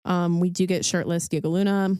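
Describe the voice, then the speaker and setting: A woman's voice: on the low side, fairly even intonation, brisk, mellow, clear, resonant tone, dry recording, studio quality. Bubbly enthusiastic woman podcast host. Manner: bubbly, enthusiastic, lots of fillers. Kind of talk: casual chat.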